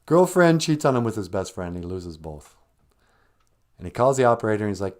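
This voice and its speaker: A podcast host and musician with a fairly low voice, big pitch swings, and a slightly fast pace tells a rambling, self-deprecating story on a live podcast. He keeps it casual and conversational before playing a song.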